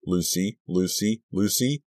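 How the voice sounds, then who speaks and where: A man's voice: lively intonation, normal speed, a bit bright, no room sound, full character voice. A man doing a frantic teenage girl, Nicole. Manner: pleading, raised pitch. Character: desperate frightened teenage girl.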